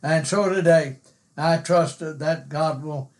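Slow, emphatic older man preaching. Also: a little high. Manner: slow, emphatic, repeats words with many fillers. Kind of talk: sermon.

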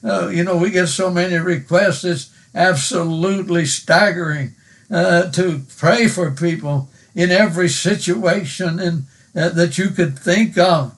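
Slow, earnest preacher man. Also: high-pitched. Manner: slow, earnest, repeats words for emphasis. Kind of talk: sermon with prayer.

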